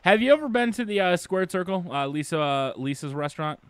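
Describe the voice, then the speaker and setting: A man chats loosely through a wrestling recap on a call-in show, stumbling over fillers and swearing casually. His voice is smooth and clear, recorded dry with no room sound. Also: high-pitched, expressive, brisk, no room sound. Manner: rambling, swears freely, many fillers.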